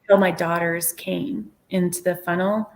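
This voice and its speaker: Earnest woman recounting with hushed asides. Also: lowish voice, fairly even intonation, moderate pace, creaky. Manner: earnest, reflective, with soft whispered asides. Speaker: guest medium sharing a near-death experience. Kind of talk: storytelling in an interview.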